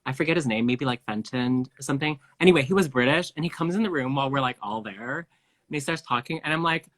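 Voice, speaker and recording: A man's voice: medium pitch, quick pace, a bit bright. A man hosting a casual live stream chat, talkative, full of fillers, laughing easily. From Canada. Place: home, video live stream.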